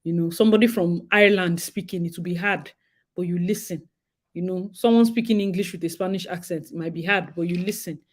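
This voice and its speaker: A young woman with a Nigerian accent, hosting a casual talk and chatting in a lively way with bits of Pidgin. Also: fairly low pitch, a little fast. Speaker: host. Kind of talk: casual monologue.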